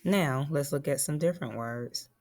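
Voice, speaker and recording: A woman's voice: sits low, moderate pace, darkish tone. A woman teacher giving a phonics lesson to young children, patiently spelling and sounding out words.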